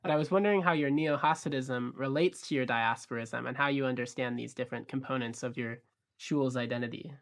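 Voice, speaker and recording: A podcast host musing thoughtfully and asking interview questions in a measured way. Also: medium pitch.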